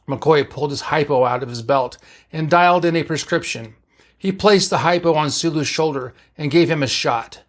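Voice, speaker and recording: A man reading a science-fiction story aloud as narrator, in plain, even storytelling. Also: on the high side, moderate pace.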